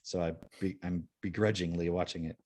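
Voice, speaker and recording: A man's voice: sits low, steady tone, a little fast, darkish tone. A man hosting a podcast in casual chat, rambling and laid-back, with lots of "like" and free swearing. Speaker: podcast host.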